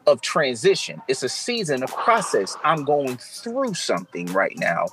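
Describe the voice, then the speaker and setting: A man's voice: mid-range voice, huge pitch swings, measured pace, fairly bright tone. A man from Georgia hosting a casual faith podcast, talking in an affirming, preachy way. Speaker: podcast host.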